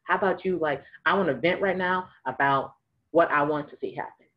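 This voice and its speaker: A woman's voice: deep voice, fairly quick, lo-fi sound. A woman giving casual spiritual advice to viewers, chatty and laughing now and then, acting out little dialogues as she goes. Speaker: spiritual advisor.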